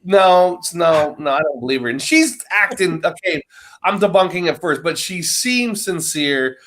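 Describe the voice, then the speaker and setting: A man in a casual podcast chat, telling an animated story, swearing freely and acting out what people said. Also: fairly high pitch, moderate pace. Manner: animated storyteller who swears and acts out quotes.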